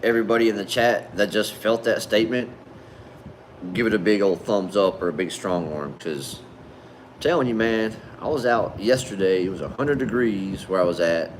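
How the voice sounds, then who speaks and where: A man's voice: lowish voice, moderate pace, a little hiss or hum. A man hosting a casual livestream, reading viewer comments aloud in a laid-back, friendly way and calling people man and brother. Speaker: livestream host.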